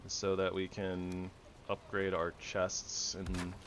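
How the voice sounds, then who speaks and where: Male gamer with a deep voice, relaxed rambling commentary that keeps correcting itself. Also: slow, a little hiss or hum. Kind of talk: casual gameplay commentary.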